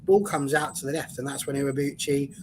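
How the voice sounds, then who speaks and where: A man's voice: mid-range voice, level tone, a little fast, darkish tone, a little hiss or hum, rough recording. A man on a fan panel, talking football in a chatty, jokey way. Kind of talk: casual football discussion.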